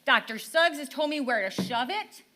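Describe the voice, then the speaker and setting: A woman's voice: sits high, lively intonation, moderate pace, sharp tone. A middle-aged woman making an impassioned, frustrated public comment at a town council meeting, pleading with rhetorical questions. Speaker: parent speaking at public comment.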